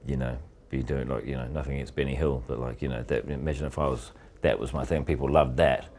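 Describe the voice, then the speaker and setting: A man answering interview questions as a filmmaker, relaxed and rambling, often restarting his sentences. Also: rumbling low, fast talker, slight background noise. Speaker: filmmaker guest.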